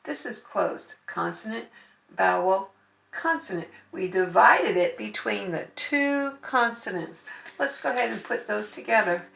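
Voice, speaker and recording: A woman's voice: medium pitch, animated, unhurried, vocal fry, fairly bright tone. A woman teaching first graders phonics, patiently sounding out letters and syllables. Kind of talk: remote phonics lesson. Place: home. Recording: echoey room.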